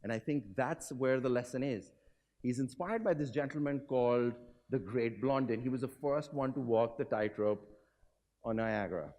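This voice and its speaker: A man giving a motivational business talk, telling a story and quizzing the audience. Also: moderate pace. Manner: animated, swings pitch and volume. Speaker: keynote speaker. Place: hotel conference hall.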